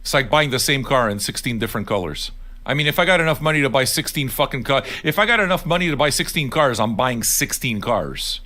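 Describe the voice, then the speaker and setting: Bright, lively-voiced older man ranting. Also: medium pitch, brisk. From Neapolitan heritage. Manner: blunt, sweary and argumentative, addressing viewers directly. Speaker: livestream host. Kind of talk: profane casual rant on a livestream.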